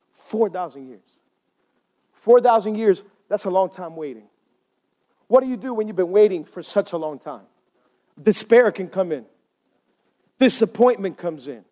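A man preaching a sermon in a church as pastor, with an impassioned delivery that climbs high when he voices cries to God. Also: a little mellow.

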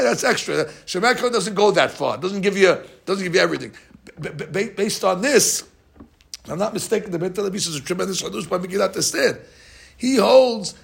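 Gravelly-voiced rabbi teaching a class. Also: male voice, high voice. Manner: animated, questioning the class, reads Hebrew text fast. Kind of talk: Talmudic lesson, mixing English and Hebrew.

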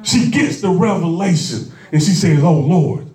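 A man preaching a sermon in a folksy, repetitive style that builds to shouted exhortation, in a church sanctuary. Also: fairly high pitch, animated, measured pace. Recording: echoey room picked up from a distance.

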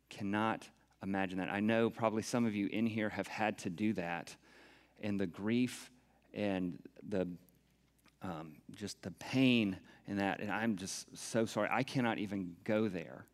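A middle-aged male pastor giving a sermon, turning from hushed to animated. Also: lowish voice, unhurried. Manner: expressive, swings from hushed to animated. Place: church hall. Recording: long hall reverb.

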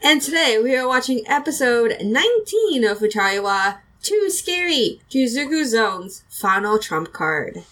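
A woman's voice: a little high, big pitch swings, unhurried, few pauses, bright, forceful tone, low-quality recording. A woman hosting a casual podcast, chatty and giggly, rambling through an episode recap with plenty of fillers. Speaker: podcast host.

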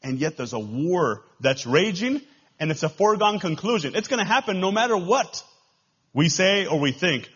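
A man with a Texan accent preaching a sermon as pastor, swinging between loud rises and quiet drops. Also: sits high, animated, normal speed, slightly rough, lo-fi sound. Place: church.

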